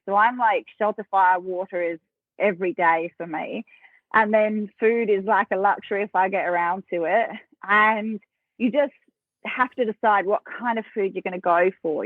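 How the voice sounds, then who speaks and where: A woman's voice: medium pitch, no room sound. An Australian woman telling stories as a guest in a casual interview, acting out the voices of others and laughing often. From South Australia. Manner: lively storyteller, acts out quoted voices, laughs often. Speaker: podcast guest. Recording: thin phone-like dry sound.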